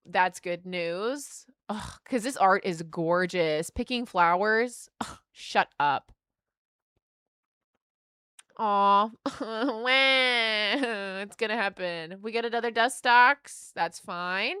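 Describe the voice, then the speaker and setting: A young woman streaming, chatting casually and excitedly as she opens trading cards and speaks warmly to her chat. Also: mid-range voice, slow pace, clean tone, no room sound, clean studio sound. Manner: excitable, gasps and squeals at good pulls, earnest and affectionate to chat.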